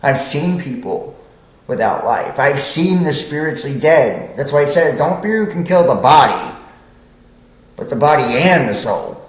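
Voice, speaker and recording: Male podcast host, slow, preachy, profane rambler, roomy echo on the mic. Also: fairly high pitch, animated. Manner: rambling, profane, keeps asking "right?". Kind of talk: preachy livestream monologue.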